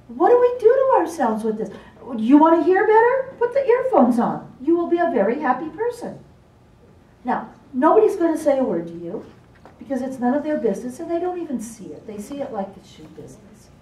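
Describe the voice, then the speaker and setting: Lively woman teaching a seminar, echoey room. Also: high voice, fairly quick, distant mic. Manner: lively, playful, acts out quoted people. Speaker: seminar presenter for court reporters. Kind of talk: live seminar talk.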